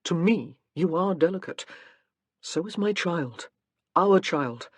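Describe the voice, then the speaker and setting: A woman's voice: fairly low pitch, lively intonation, takes it slowly, a little mellow, breathy edge, no echo, heavily acted. A woman voicing a protective young nobleman with a rueful, dryly humorous manner in an audiobook. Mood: wry. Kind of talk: audiobook character reading.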